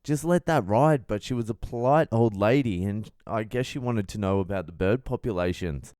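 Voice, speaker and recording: A man's voice: fairly low pitch, normal speed, a little mellow, no echo, clean studio sound. A man, a comedian hosting a casual podcast, telling stories in a blunt, profane, comic way. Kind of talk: casual storytelling monologue.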